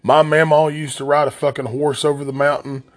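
A man's voice: fairly high pitch, little pitch movement, brisk. A man from the West Virginia coal fields with an Appalachian accent, hosting a podcast as a blunt, angry, heavily profane solo rant. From southern West Virginia coal fields. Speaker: podcast host.

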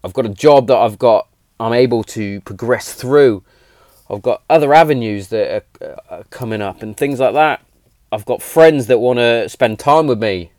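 A man's voice: mid-range voice, moderate pace, darkish tone, no room sound, studio quality. A man in his thirties hosting his own podcast, talking in an earnest, emphatic, rambling way and swearing freely. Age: 30s. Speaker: podcast host. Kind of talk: casual heartfelt monologue. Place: home shed.

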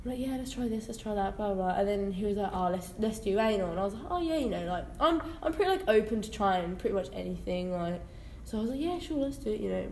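A woman's voice: mid-range voice, fast, a little hiss or hum. A young woman, a podcast co-host, telling a story in casual chat, swearing freely and reliving it animatedly. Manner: sweary, laughing, animated retelling. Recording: echoey room with faint ambience.

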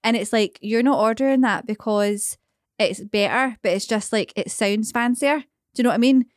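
A woman's voice: fairly high pitch, normal speed, no room sound, clean studio sound. A woman with a Glaswegian accent co-hosting a podcast, chatting casually and reading out listener messages. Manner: chatty, swears freely. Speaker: podcast co-host.

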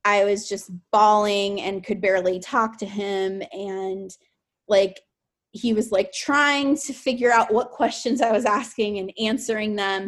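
A young woman talks as a guest on an interview podcast. Her soft-spoken delivery halts often and leans on many fillers. She sits in her middle register. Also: mid-range voice. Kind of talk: emotional personal interview.

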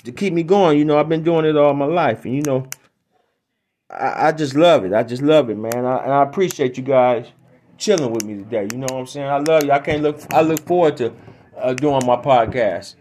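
Man, slightly high voice, podcast host, rambling, emphatic, repetitive. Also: darkish tone. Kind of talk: casual comedic storytelling.

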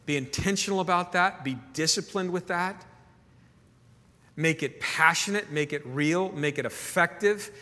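A man preaching with earnest, stumbling repetition, his voice bright and forceful and pitched a touch high. His sermon rings out with a long hall reverb behind it. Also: measured pace. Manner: earnest, repeats words when stirred. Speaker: pastor.

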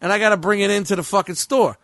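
Man from New Jersey, high lively voice, dry close sound, profane animated storyteller. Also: fast, vocal fry, no room sound. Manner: profane, animated, reenacts dialogue. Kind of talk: casual storytelling chat.

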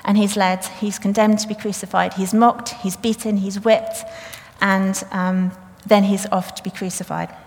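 A woman's voice: mid-range voice, flat delivery, normal speed, hardly any pauses. A woman preaching a sermon, retelling the story in a chatty way and reading scripture aloud. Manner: conversational, retells the story plainly with fillers. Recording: long reverb of a church hall.

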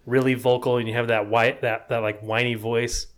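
A man's voice: mid-range voice, little pitch movement, moderate pace. A young man with a mid-range voice co-hosting a podcast. He teases his partner playfully and rambles through casual chat, leaning on fillers like "like.". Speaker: podcast co-host.

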